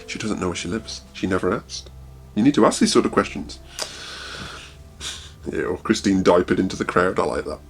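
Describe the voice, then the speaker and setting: Man, wry fan-fiction reviewer, mocking commentary, husky voice, lively intonation, faint background music. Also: low voice, moderate pace, long pauses. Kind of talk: reading a fan story aloud with sarcastic commentary.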